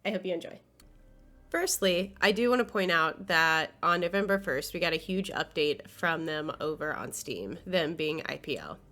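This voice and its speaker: A young woman's voice sits low, with a sharp tone and lively intonation at normal speed. Sick and audibly nasal and congested, she hosts a scripted video essay earnestly and enthusiastically, using occasional fillers.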